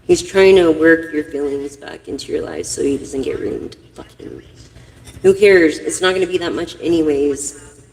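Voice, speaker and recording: Slow, gravelly-voiced woman tarot reader. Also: fairly low pitch, a little mellow, in a large hall, rough recording. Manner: blunt, profane, rambling advice. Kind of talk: casual reading addressed to viewers.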